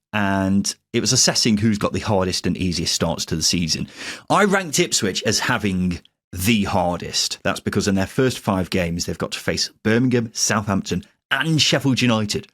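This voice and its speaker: A man co-hosting a casual football podcast, wry and quick to laugh. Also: fairly low pitch, fairly bright tone. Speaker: podcast co-host.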